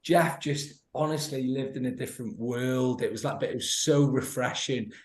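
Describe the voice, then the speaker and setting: A former footballer in his thirties, speaking in a mid-range voice at normal speed, tells stories as a podcast guest. He laughs a lot, acts out quotes, and restarts often, all in a roomy, echoing recording.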